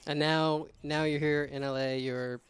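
Bright, smooth-voiced joking male host. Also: fairly high pitch, flat delivery, a little slow, soft background music. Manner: joking, playful interviewer. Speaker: radio show host. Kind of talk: casual radio interview.

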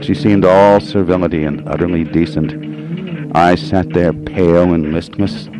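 A man narrating a literary audiobook in a somber, measured, brooding manner. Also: low-pitched, fairly even intonation, low-quality recording. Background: music.

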